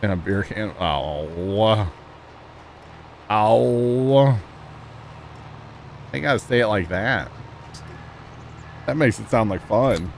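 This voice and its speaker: Streamer, male, low voice, loose rambling chat with viewers, light background hum. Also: animated, normal speed, creaky, pauses often. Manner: rambling, talks to chat, chuckles at himself. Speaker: livestream gamer. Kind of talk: casual stream chat while playing.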